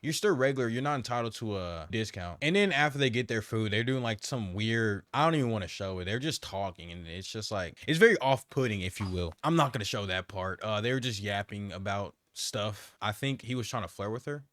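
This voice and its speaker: A man hosting a casual reaction commentary, talking in a slangy, rambling and mocking way. His voice sits fairly low and sounds close and dry, with no room around it. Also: animated, a little fast, hardly any pauses, a bit bright, no room sound. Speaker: commentary host.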